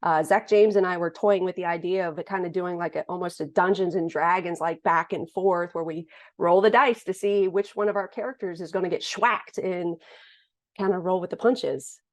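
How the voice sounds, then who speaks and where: A woman's voice: lowish voice, fairly even intonation, normal speed. A woman in her forties from the United States, a thriller author who answers interview questions in a casual, joking, self-deprecating way.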